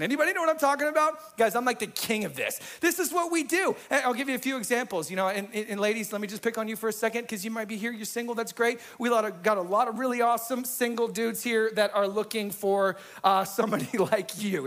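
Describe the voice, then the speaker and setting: A male pastor preaching an energetic, conversational sermon, often checking in with the congregation. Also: sits high, fast, hardly any pauses. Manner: energetic, conversational, asks the room "right?".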